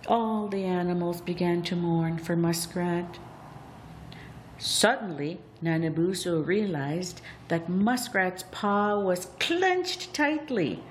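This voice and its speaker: A woman narrates a traditional tale at an unhurried pace, drawing out each moment. Her delivery is deliberate and expressive. Faint noise hums in the background. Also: on the low side. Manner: slow, deliberate, expressive storytelling. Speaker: storyteller. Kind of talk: storybook narration.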